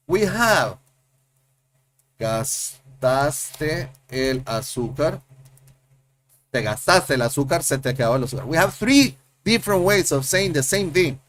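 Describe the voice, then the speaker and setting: A man's voice: on the high side, a bit bright. Chatty man teaching. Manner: chatty, repeats and restarts, rhetorical questions. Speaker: Spanish teacher. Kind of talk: casual explanatory lesson.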